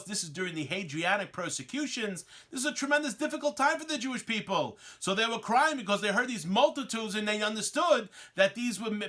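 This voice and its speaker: A man teaching a Talmud lesson, reading Hebrew and Aramaic lines and translating them, acting out the dialogue with animation. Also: high-pitched. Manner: animated, acts out the quoted dialogue; reads Hebrew and Aramaic text then translates it. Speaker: Torah teacher.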